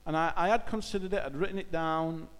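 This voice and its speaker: A man's voice: fairly high pitch, fast, smooth, big-room sound. A man giving an informal church talk, speaking conversationally and hesitantly with many fillers.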